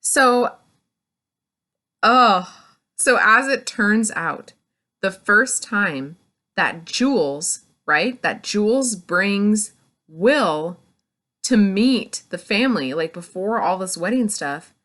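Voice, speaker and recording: A woman's voice: mid-range voice, lively intonation, slow, bright, forceful tone. A woman reviewing a book, recapping the plot in a gushing, casual way, full of "like". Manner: gushing, filler-heavy, full of "like".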